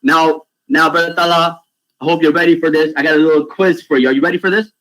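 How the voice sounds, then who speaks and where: A lively man talks to children on a video call, pitched a little higher than most men. He tells stories animatedly and keeps checking in with "right?". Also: fast, low-quality recording. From Pakistan. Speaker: youth speaker. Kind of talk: storytelling talk for children.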